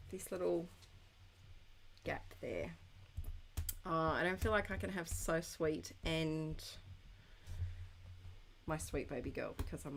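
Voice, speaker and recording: There is slight background noise as this woman, whose fairly low voice has some vocal fry, scrapbooks on a home live stream. Giggly and full of ums, she thinks out loud, chats with viewers, and reads out their comments while she crafts.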